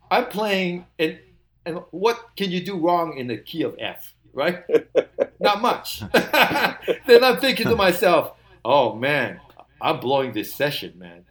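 An older man, a musician guest, telling an animated story, laughing often and acting out the quotes. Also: fairly high pitch.

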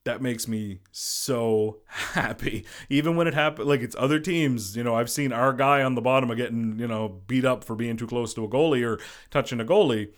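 A man's voice: medium pitch, moderate pace, hardly any pauses. A man hosting a casual solo sports podcast, a former goalie who rambles and fills his talk with "you know". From Boston area. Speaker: podcast host.

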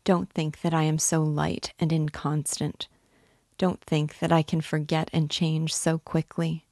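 A woman's voice: low voice, flat delivery, unhurried, darkish tone, no echo, clean studio sound. A woman reading the part of an emotional young woman torn in love, pleading and breaking off mid-sentence. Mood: tearful. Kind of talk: dramatic reading of a novel.

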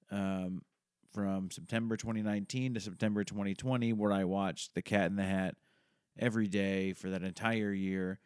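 A man talks through a casual podcast intro in a lowish, smooth voice. He rambles and mocks himself, dropping curse words freely. The sound is dry and close, with no room around it. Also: a little mellow, no room sound. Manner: rambling, self-mocking, swears a lot. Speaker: podcast host.

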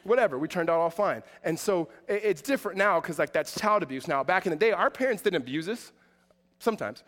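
A man in his forties delivers a sermon with a high voice. He talks in a casual, self-deprecating way, then presses his points with emphasis. A long hall reverb trails behind every phrase. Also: expressive, a little fast, a bit bright. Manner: conversational and self-deprecating, building to emphatic passages. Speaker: pastor.

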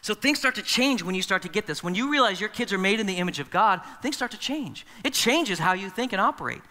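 A man's voice: sits high, lively intonation, fast, sharp tone. A man preaching a sermon as pastor in a church, conversational and acting out the voices he quotes. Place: church sanctuary. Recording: long reverb of a large hall.

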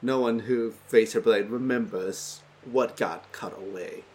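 A man's voice: lowish voice, a little slow, a little mellow. A man narrating a tabletop game as game master, in a casual, easygoing way. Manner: casual, playing townsfolk in his own voice.

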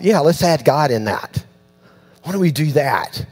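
A man preaching a sermon, telling a story with lively, acted-out voices and sudden drops to hushed, near-whispered lines. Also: a little high, unhurried, soft background music. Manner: animated storytelling, acts out voices, dropping to near-hushed tones. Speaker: pastor.

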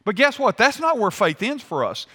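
A man's voice: high-pitched, sing-song, moderate pace, pushed and bright, slightly rough. A male pastor preaching a sermon in a church, acting out the voices of complaining people. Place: church sanctuary. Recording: hall reverb.

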